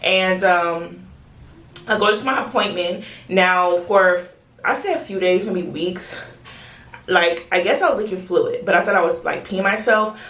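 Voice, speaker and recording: A woman telling her birth story in a casual, excited, chatty way, acting out the voices of the people in it. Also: on the low side, a little slow. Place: home bathroom. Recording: echoey bathroom.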